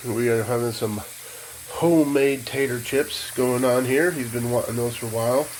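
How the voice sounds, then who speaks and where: Man, folksy van vlogger, rambling chat, mid-pitched voice, faint hum behind. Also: fairly even intonation, moderate pace, darkish tone. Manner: folksy, rambling, calls viewers "folk". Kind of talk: casual vlog chat. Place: outdoors by water and inside a van.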